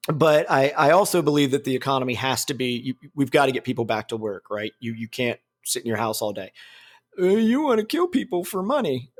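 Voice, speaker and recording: A man hosting a casual podcast, rambling and swearing, often laughing at his own jokes. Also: mid-range voice. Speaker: podcast host.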